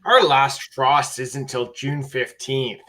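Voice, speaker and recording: A man's voice: mid-range voice, steady tone, slow pace, pushed and bright. Canadian guy from ontario, easygoing rambly chat on a stream, lots of uhs. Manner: rambling, laughing, many fillers. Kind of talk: casual chat.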